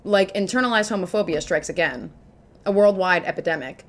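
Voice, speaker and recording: A woman's voice: fairly low pitch, a little fast. Chatty young woman reviewing comics. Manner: chatty and joking, full of "like" asides. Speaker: manga reviewer and YouTuber. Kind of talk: casual video commentary.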